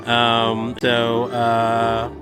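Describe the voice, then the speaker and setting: A man at a game night, thoughtful and hesitant, pausing often while he finds his words. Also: medium pitch, monotone, music in the background, poor audio. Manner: hesitant, thoughtful, many fillers. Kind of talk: casual chat.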